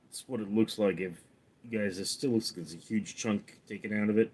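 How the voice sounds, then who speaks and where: A man hosting a casual livestream, reading out viewers' names and comments and answering them, calling the names out louder and higher than his replies. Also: steady tone, fairly quick, breathy edge. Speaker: streamer reading viewer chat; actor.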